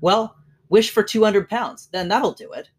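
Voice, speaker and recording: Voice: medium pitch, unhurried, slightly rough, voice pushed up. A reader voicing a playful young son who jokes and mocks. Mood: teasing. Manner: joking, mocking tone. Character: teasing young adult son, playful joker.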